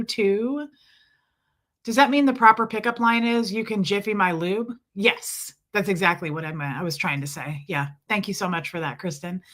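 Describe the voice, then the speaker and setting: A hoarse woman hosting a casual livestream, chatting and greeting viewers by name as she reads their comments aloud. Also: medium pitch, a bit bright. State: hoarse from illness. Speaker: livestream host.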